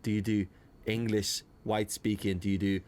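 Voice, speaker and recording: A young man from South Africa, chatting casually on a podcast with a fairly low voice. He tells his stories with animation, swears freely and slips into little voices for the people in them. The sound is clean and close from a studio microphone. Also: little pitch movement, normal speed, a little mellow. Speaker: podcast co-host. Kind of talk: casual chat.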